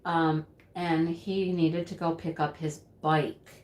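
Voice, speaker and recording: A woman telling a story in an animated, exclaiming way. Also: sits low, slow. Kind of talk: storytelling chat. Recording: roomy echo.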